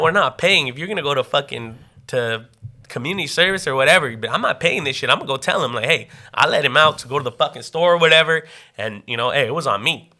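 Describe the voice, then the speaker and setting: Co-host, man, bright edgy voice, swears a lot, acts out every quote. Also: fairly high pitch. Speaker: podcast co-host. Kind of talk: casual storytelling.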